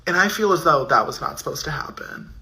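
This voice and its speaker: Deadpan man with a gravelly voice. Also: fairly high pitch, a little fast. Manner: dry, deadpan, wry. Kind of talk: casual vlog.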